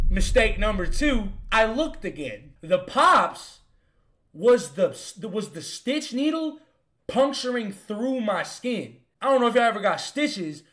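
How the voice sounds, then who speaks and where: A young man, a comedian, telling a story in a casual, animated and profane way, with punchy lines. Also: high voice, slow. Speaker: comedian host.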